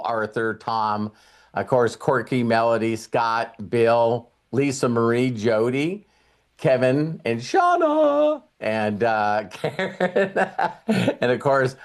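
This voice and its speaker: An older man hosting a live video call, giving a rambling, folksy motivational talk and laughing often. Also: medium pitch. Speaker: host.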